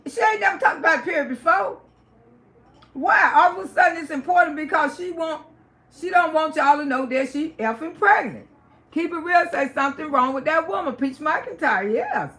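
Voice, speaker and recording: Brief: a high-pitched woman hosting a live gossip stream, loud and cussing. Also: animated, normal speed. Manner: loud, emphatic, profane ranting. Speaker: livestream host.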